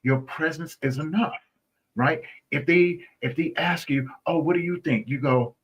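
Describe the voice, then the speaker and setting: Husky-voiced man talking earnestly. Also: a little high, a little slow, highs cut off. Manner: earnest, repeats "right?" often, restarts phrases. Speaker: guest. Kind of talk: conversational interview.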